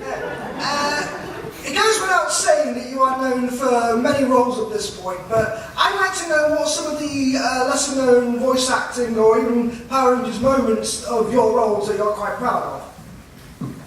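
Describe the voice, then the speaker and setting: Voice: sits high, a little slow, a bit bright, a little hiss or hum. An audience member politely asking a question at a fan panel. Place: large convention hall. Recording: echoey hall, from far off.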